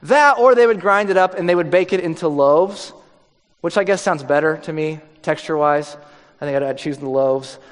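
A man's voice: fairly high pitch, normal speed, long reverb tail. A male pastor giving a conversational, joking sermon.

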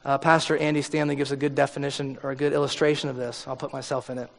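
A man's voice: mid-range voice, level tone, fast, creaky. A man preaching a sermon as a pastor, talking in a casual, joking way and acting out the voices of the people he quotes. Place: church hall. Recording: long reverb of a large hall.

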